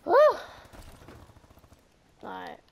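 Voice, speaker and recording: A woman's voice: drawn-out words, dark tone. A woman giving live commentary while playing a shooter game, swearing often and exclaiming in frustration. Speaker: gaming channel host.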